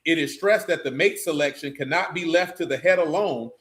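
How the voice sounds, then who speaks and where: A middle-aged man preaching in loose talk, joking and mocking with loud bursts. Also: on the high side, fairly quick. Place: church meeting room.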